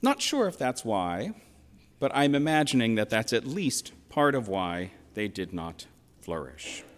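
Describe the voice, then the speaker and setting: A man in his sixties from western Pennsylvania, preaching a sermon as a pastor in a reflective, measured storytelling manner with emphatic quotations. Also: medium pitch, big pitch swings. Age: 60s. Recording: long reverb of a large hall.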